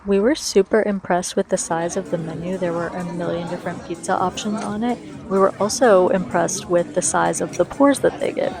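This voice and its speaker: A woman's voice: on the low side, steady tone, moderate pace, hardly any pauses, over music. A young woman giving a chatty, enthusiastic voice-over for a travel vlog and talking straight to her viewers. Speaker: travel vlogger.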